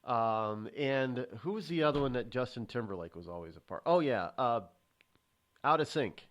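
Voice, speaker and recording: A man hosting a relaxed talk show, wandering through his stories with frequent pauses, restarts and fillers. His voice sits at an ordinary middle pitch. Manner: rambling, halting, many restarts and fillers. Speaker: host. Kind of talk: casual chat.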